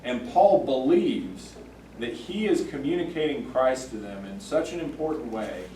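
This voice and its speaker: Man, Sunday school teacher, halting with fillers, echoey church classroom, faint room noise. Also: mid-range voice, animated, mellow. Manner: thoughtful, halting, with many fillers and restarts. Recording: echoey room, mic far off.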